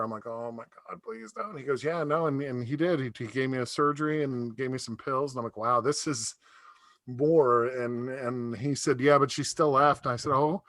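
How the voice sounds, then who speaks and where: A man's voice: mid-range voice, bright, forceful tone, dry recording. A middle-aged man doing a stand-up comedy set over a video call, telling rambling stories and laughing at his own jokes.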